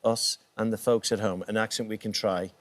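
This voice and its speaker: A man's voice: on the low side, flat delivery, normal speed. A man presenting a TV show, chatty and playful as he asks questions and links segments. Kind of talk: breezy TV presenting.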